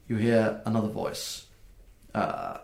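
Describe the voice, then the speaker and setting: A man narrating a tabletop game as game master, describing scenes with many pauses and fillers. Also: lowish voice, wildly swooping pitch, vocal fry, darkish tone. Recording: echoey room.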